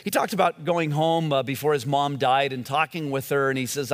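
A man's voice: a little high, steady tone, fairly quick, long reverb tail. A male pastor giving a sermon in a conversational storytelling way, often restarting his phrases.

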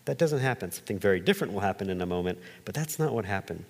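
Animated male pastor in a reverberant hall. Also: rapid-fire. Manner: animated, lively delivery with jumps in pitch and asides. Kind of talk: conversational sermon. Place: stage in a church hall.

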